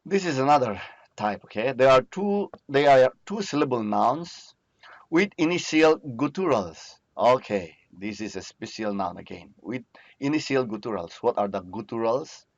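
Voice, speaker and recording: Speaking in a mid-range voice with lively intonation, a man teaches a recorded lesson slowly and patiently, asking questions and then answering them. There's no echo, and the sound is dry, muffled and lo-fi.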